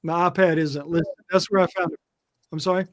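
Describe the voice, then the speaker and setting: A man in a class chat, hesitantly troubleshooting out loud. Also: fairly high pitch, fairly even intonation, fairly quick, no room sound, studio quality.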